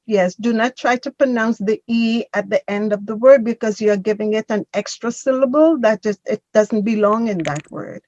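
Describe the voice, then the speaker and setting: A woman's voice: a little high, moderate pace, few pauses, darkish tone, no room sound, lo-fi sound. A woman teaching a grammar class, patiently correcting a student and drilling pronunciation. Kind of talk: online class instruction.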